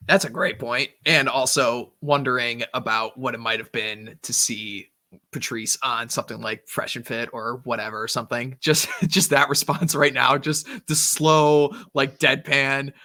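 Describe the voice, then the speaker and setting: A man hosting a casual podcast, rambling through his points with plenty of fillers and easy laughs. His voice is bright and forceful, at a mid pitch, and the sound is dry and close. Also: little pitch movement, measured pace, dry recording. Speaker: podcast host.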